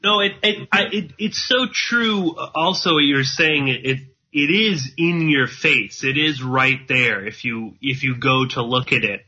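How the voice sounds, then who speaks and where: A man's voice: mid-range voice, unhurried, few pauses, sharp tone, slightly rough. A male host in an interview, agreeing readily and stammering a little as he begins. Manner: affirming, slightly stammering. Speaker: podcast host. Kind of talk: conversational interview. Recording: dull, lo-fi audio.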